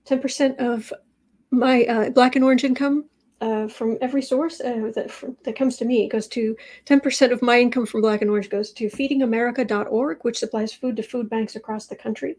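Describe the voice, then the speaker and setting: A woman's voice: on the high side, fairly even intonation, brisk, a little mellow. A woman hosting a daily tarot livestream, talking casually to viewers and breaking off to talk to her cat. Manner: chatty, talks to her cat between remarks. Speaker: tarot reader and livestream host.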